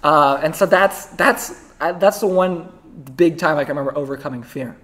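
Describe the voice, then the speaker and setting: A young man hosting a podcast, telling a story in a casual, animated way, full of "right?" and "like". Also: a little high. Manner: animated, fast-talking, lots of "right?" and "like". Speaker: podcast host.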